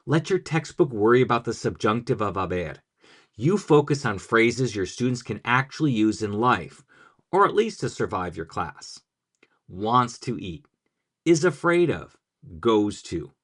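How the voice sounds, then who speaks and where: A man's voice: medium pitch, very animated, unhurried, a bit bright, slightly rough. Male teaching coach, scripted explainer, punchy and playful, voice swings up and down a lot. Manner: upbeat, jokey, punchy delivery.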